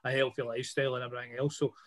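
A man's voice: mid-range voice, level tone, racing, a bit bright, no room sound. Blunt man, podcast host. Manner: blunt, sweary banter. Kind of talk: casual chat.

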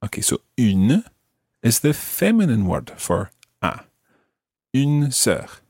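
A man teaching a podcast language lesson, patiently modelling words slowly for the learner to repeat. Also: mid-range voice, sing-song, a little mellow, breathy edge, dry recording, studio quality.

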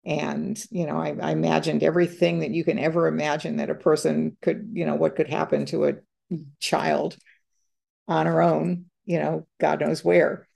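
Older female guest, gravelly fry, halting storyteller who quotes others. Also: low voice, flat delivery, a little mellow. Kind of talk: personal storytelling in conversation.

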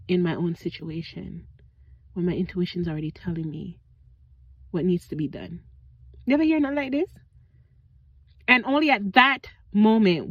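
Solo woman podcast host, casual and reflective, speaks slowly and quizzes the listener; dull, lo-fi close-mic sound. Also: medium pitch, no echo. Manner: conversational, asks the listener direct questions. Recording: dull lo-fi recording.

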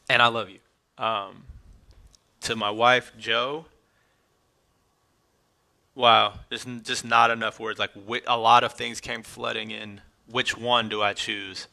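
A man's voice: mid-range voice, bright, forceful tone. A middle-aged man hosting a podcast, talking casually and emotionally as he speaks straight to his family and friends. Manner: emotional, casual, addresses loved ones directly. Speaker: podcast host. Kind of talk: heartfelt podcast monologue.

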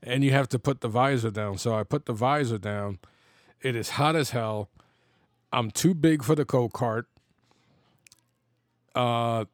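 A man's voice: mid-range voice, no room sound, clean studio sound. A man of fifty telling personal stories in a casual, rambling way, laughing often and restarting his sentences. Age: 50s. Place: home.

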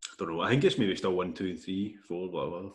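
Laid-back Scottish man, lowish voice. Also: quick pace. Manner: easygoing, hesitant, with many ums. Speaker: podcast co-host. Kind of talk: casual chat.

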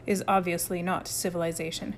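A woman voicing a dry, deadpan, clever teenage boy who speaks in an understated way. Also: fairly low pitch, a little fast, slight background noise, natural voice.

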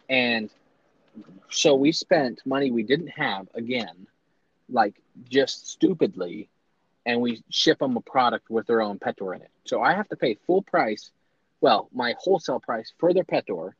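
Man, business owner, casual storytelling, animated, fillers and restarts, dry lo-fi sound. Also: mid-range voice, measured pace, husky, no room sound. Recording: dry, slightly dull lo-fi sound.

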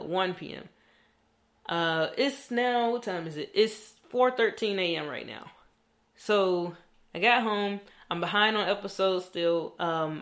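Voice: mid-range voice, fairly bright tone. A young adult vlogger talking in a candid, rambling diary style and swearing freely. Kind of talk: casual diary vlog.

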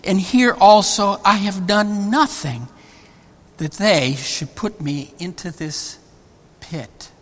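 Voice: mid-range voice, slow, fairly bright tone. A preacher giving a sermon, often repeating words and restarting phrases. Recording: long hall reverb.

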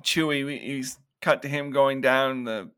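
In a relaxed movie review chat, this male podcast co-host recounts horror film scenes, mimicking lines and laughing along. He speaks unhurriedly in a mid-range voice that is steady, clean and a little bright.

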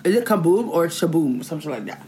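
A woman's voice: sits low, animated, fast, background noise. A young woman co-hosting a casual chat, loose and joking, swearing often and breaking into laughs. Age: young adult. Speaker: podcast co-host.

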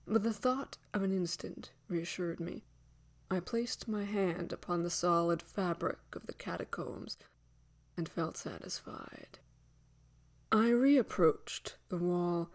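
A woman giving a dramatic gothic story reading, measured, dropping to hushed whispers and swelling to loud declarations. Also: on the low side.

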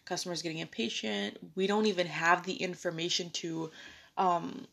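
A young woman recounts a story from her working life in a relaxed, conversational way. Her pitch climbs and swings as she acts out the people she quotes, which makes her telling lively. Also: moderate pace, vocal fry. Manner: animated, acts out quoted dialogue. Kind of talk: casual storytelling.

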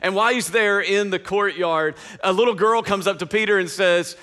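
A man's voice: high voice, normal speed, bright, forceful tone, clear, resonant tone. A male pastor preaching a sermon in a casual, slangy, conversational way with frequent asides to the congregation.

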